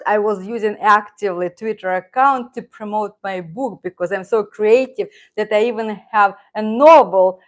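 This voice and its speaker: A woman's voice: medium pitch, darkish tone. A middle-aged woman with a Russian accent, a native Russian speaker, chatting casually on a live stream, rambling, reading viewer comments and laughing often. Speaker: channel host, Russian teacher.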